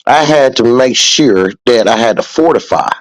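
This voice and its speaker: A podcast host speaks at a medium pitch with an expressive voice and a normal pace, in casual motivational talk that turns preachy. He swears a lot and hammers his points through repetition, sounding profane and emphatic. The audio is poor but has no room sound.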